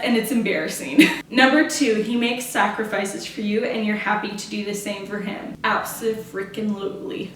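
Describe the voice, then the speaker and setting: A woman's voice: fairly high pitch, far from the mic. A young woman telling a casual, earnest story on her vlog, chatty and full of "like" and "you know". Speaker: vlogger. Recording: echoey room, voice off-mic, faint hiss.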